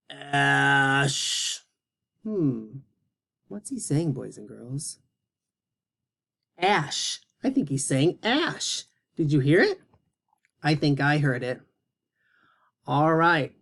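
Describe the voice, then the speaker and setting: A male teacher giving a phonics lesson to young children, speaking slowly and encouragingly and spelling out each word with care. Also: on the high side. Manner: slow, encouraging, carefully spelled-out words for young kids.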